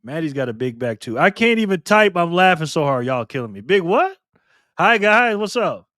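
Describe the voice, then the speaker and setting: A man's voice: on the high side, very animated, moderate pace, pushed and bright, no room sound, clean studio sound. A man hosting a live stream, casually reading viewer comments and trading teasing, slangy banter with lots of laughter.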